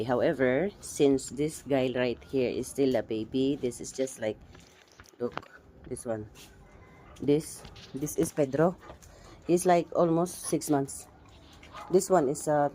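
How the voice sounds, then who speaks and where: Slow-talking Filipino woman vlogger. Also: extremely low pitch. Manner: chatty, calls out to her pets. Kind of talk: casual pet vlog chat. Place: home, feeding cats and dogs in the morning. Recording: loud background noise with dogs barking.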